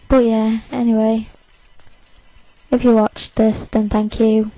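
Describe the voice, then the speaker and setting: A woman's voice: on the high side, little pitch movement, slow pace, dark tone, no room sound, poor audio. An eighteen-year-old woman, overtired, rambling defiantly and self-consciously in a casual to-camera rant. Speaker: vlogger.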